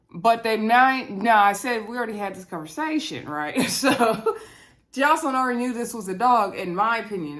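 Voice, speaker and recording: A woman's voice: on the high side, fairly bright tone. Chatty woman recapping reality TV. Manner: chatty, laughs often, acts out quotes. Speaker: recap vlogger. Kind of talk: casual reality-show recap.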